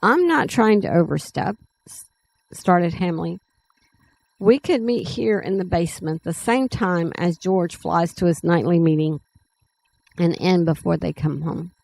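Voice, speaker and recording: A middle-aged woman hosting a writing channel, reading her own story draft aloud in a plain, unhurried way with small self-corrections, then talking to her viewers. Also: fairly low pitch, gravelly, warm tone, husky, dry recording, low-quality recording.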